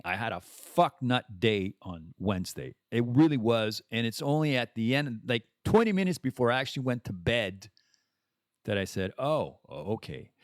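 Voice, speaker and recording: A man's voice: mid-range voice, no echo, studio quality. A man hosting a podcast, talking in a rambling, casual monologue full of restarts and the odd swear word. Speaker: podcast host.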